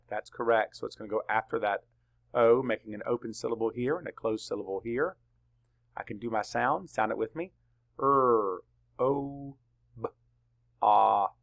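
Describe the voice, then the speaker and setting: A male teacher with a medium-pitched, creaky, fairly bright voice conducts a spelling lesson for young children. He dictates slowly and deliberately, one letter at a time, posing questions and answering them himself.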